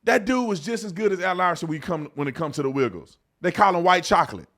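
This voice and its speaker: A man hosting an online commentary video, ranting heatedly and swinging between shouting and low muttering. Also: animated, fast talker.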